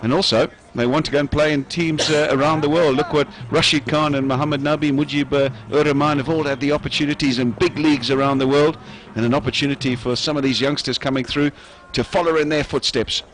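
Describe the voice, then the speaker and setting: A man giving live cricket commentary in a measured way, often pausing with "uh" between phrases. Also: fairly high pitch, steady tone, fairly bright tone. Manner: measured, frequent "uh" pauses.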